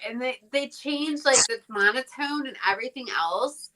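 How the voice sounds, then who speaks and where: A woman's voice: sits high, normal speed, hardly any pauses, a bit bright. A woman guest on a podcast, chatting casually with lots of "like" and giggles. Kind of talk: casual chat. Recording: noisy podcast recording.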